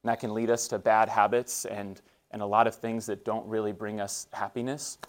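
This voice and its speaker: A man's voice: fairly low pitch, flat delivery, moderate pace. A man in his thirties giving an earnest, conversational faith talk to students, with frequent fillers and restarts. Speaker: guest speaker at a school.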